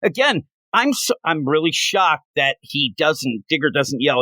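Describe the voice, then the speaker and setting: A man reviewing comic books in casual chat, animated and acting out quotes in funny voices. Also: on the high side, measured pace, no echo.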